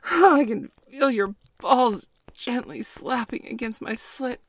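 Woman playing a possessive adult character, adult audio role-play: high, breathy, slow, dry close mic. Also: expressive, exaggerated voice. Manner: breathy, moaning, partly whispered.

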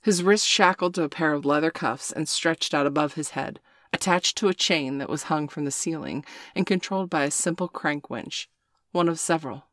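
A woman narrating a scripted erotic story in a steady, unhurried reading voice. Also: sits low, dry recording, studio quality.

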